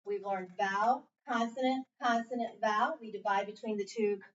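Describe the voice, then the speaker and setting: A woman's voice: medium pitch, steady tone, normal speed. A woman teacher leading a phonics lesson in a classroom, patiently prompting her students with fill-in-the-blank questions. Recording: muffled, distant classroom recording.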